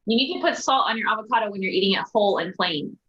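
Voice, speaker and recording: A woman's voice: medium pitch, expressive, very fast, bright, forceful tone. A woman chatting casually as a guest, pressing her point with repeated questions. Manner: insistent, questioning, laughs easily. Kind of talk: casual chat. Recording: dull lo-fi call audio.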